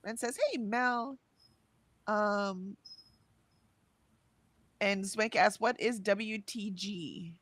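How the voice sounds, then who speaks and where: A woman's voice: mid-range voice, drawn-out words, long pauses, no echo. Chatty woman reading chat aloud. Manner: chatty, reads messages with bright lifts, laughs often. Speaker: livestream co-host reading chat.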